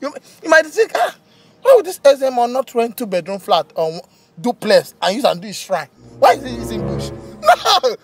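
A Nigerian man in a comedy skit, boasting loudly that he controls spirits, laughing often and breaking into panic. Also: extremely high pitch, big pitch swings, fairly quick, soft background music. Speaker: comedian playing a boastful native doctor. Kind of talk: skit comedy, pidgin-tinged. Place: outdoors in bush.

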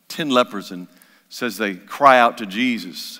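Bright-voiced preaching pastor in a reverberant church. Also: male voice, on the low side, unhurried. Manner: impassioned preaching with repetition. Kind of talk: sermon. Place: church sanctuary. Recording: long church hall reverb.

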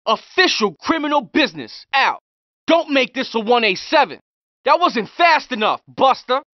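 Cocky street criminal, high lively delivery, dry dull game sound. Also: male voice, normal speed, no room sound. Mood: threatening. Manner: slangy trash talk, threatening. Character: young male street criminal, brash and hostile. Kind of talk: game pedestrian voice lines.

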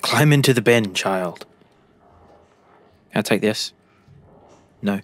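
With a lowish voice and a slow pace, a young man from Britain plays a game for his YouTube channel. He keeps up a joking commentary and talks back to the on-screen characters.

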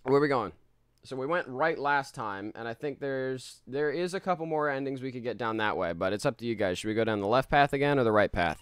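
A man's voice: mid-range voice, expressive, a little fast, smooth, no room sound, studio quality. Chatty, laughing male streamer. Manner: chatty, laughs often, reads chat aloud. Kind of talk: casual live-stream chat while gaming.

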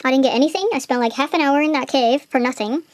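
A woman's voice: high voice, fast talker, no room sound. A teenage girl casually retelling an online game session while drawing, rambling with many fillers and restarts. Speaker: video maker retelling a game.

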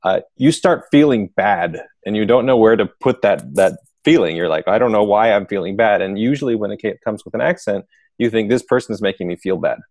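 A man's voice: lowish voice, brisk, darkish tone, dry recording, studio quality. A man, an author and interview guest, explaining his ideas thoughtfully with frequent fillers. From United States. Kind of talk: casual interview.

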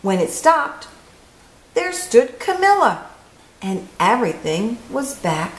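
Slow, expressive woman reading a storybook. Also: fairly high pitch. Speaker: children's storyteller. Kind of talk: reading a picture book aloud. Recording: echoey room.

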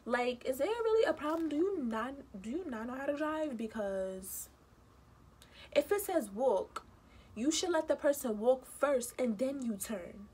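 A young woman telling a story casually to her viewers, animated and indignant, acting out the people in it. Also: high voice, unhurried, breathy edge. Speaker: vlogger.

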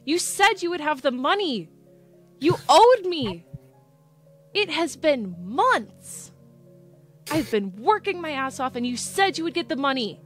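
A woman voicing a furious young female tavern server who shouts and scolds. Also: sits high, sing-song, measured pace, pauses often, faint music behind, pitched above the performer's own voice, heavily acted.

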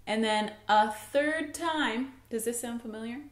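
A woman's voice: a little high, measured pace. A young woman teaching a Sunday school lesson at home, telling the story with playful voices. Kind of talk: children's Bible lesson. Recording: echoey room.

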